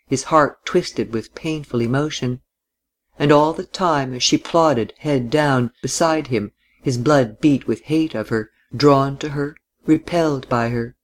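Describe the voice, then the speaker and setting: A man narrating a classic novel as an audiobook, in a measured, steady reading. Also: medium pitch.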